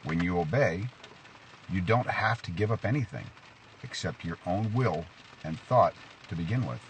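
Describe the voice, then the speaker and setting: Speaking at a moderate pace against slight background noise, a man preaches informally in the rain. He poses questions and tells stories to drive his point home, with lively upward swings in pitch.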